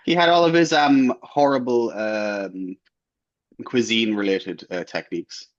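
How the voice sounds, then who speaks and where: A man co-hosting a casual podcast, excitable and sweary, with quick outbursts. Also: lowish voice. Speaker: podcast co-host. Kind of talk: casual chat. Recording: lo-fi dull sound.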